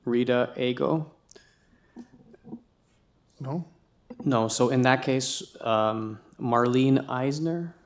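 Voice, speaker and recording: Slow hesitant man chairing a hearing. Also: mid-range voice.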